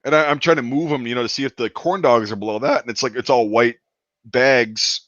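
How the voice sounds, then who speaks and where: A man's voice: mid-range voice, brisk, fairly bright tone, no room sound. A man casually telling a long, profane anecdote on a podcast. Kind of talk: casual storytelling. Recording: dull, dry lo-fi sound.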